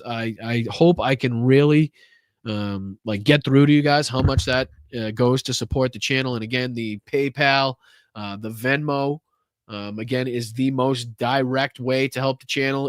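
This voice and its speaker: A man's voice: medium pitch, no room sound, studio quality. A man hosting a live political stream, chatting loosely, swearing freely and thanking viewers one by one with lots of "uh" and "um". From Boston area. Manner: loose and profane, many fillers, warmly thanking viewers. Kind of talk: casual live-stream chat reading donations.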